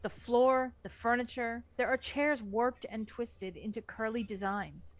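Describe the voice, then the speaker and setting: A woman's voice: fairly high pitch, measured pace. A woman reading a horror novel aloud for a book club, narrating expressively. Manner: expressive narration with lively swings.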